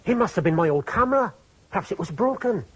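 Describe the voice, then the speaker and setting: A man's voice: high voice, expressive, fast talker, slight background noise, low-quality recording. A man voicing a fussy, anxious male fox photographer in a children's TV puppet play, who stammers when flustered.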